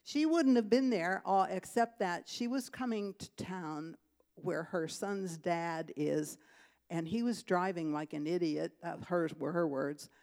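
A woman telling two testimonies to her church, chatty and lively, with laughs and fillers as she tells the story. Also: fairly low pitch, measured pace. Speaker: church member giving testimony.

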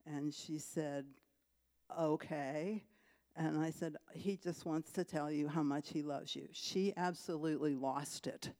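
A woman telling two testimonies to her church, chatty and lively, with laughs and fillers as she tells the story. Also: low-pitched, unhurried. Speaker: church member giving testimony.

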